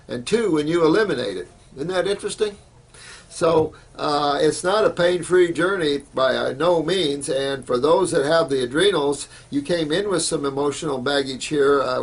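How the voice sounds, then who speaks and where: A man's voice: on the high side, normal speed, slightly rough. A man giving an informal health lecture, emphatic and repetitive, with frequent fillers. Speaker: health educator.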